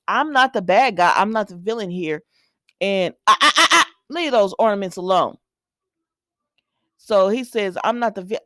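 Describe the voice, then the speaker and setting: A woman's voice: fairly low pitch, dry recording, studio quality. A woman who recaps a soap opera in casual chat. She retells the scenes by acting out the characters' lines.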